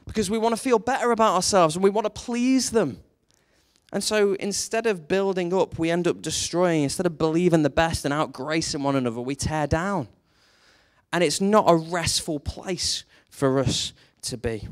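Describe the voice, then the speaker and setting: A man preaching a sermon, telling a story with lively energy and briefly acting out the characters in it. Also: a little high, normal speed. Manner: animated storytelling, acts out quoted characters.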